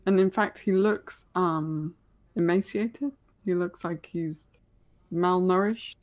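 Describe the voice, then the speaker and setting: A woman's voice: lowish voice, slow pace, darkish tone. A woman running a tabletop game as game master, narrating scenes in a hesitant way with many ums.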